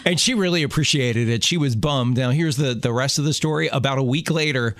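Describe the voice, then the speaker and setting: A middle-aged radio co-host chats casually, spinning family stories and frequently restarting his sentences to correct himself. His voice is mid-range and fairly bright, with a brisk pace and clean studio sound free of echo.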